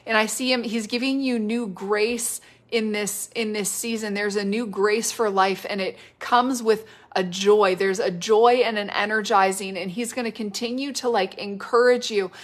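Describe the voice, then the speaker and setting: Gentle woman giving halting prophetic words. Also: medium pitch, fairly even intonation. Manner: gentle, halting, full of "like" and "you know", repeats phrases. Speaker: prophetic minister. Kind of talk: spontaneous prophetic ministry on a live stream. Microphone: live-stream device mic.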